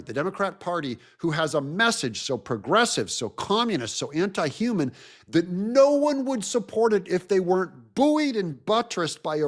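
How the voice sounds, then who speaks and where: A man hosting a show, giving an animated, mocking political commentary rant. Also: high-pitched. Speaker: host.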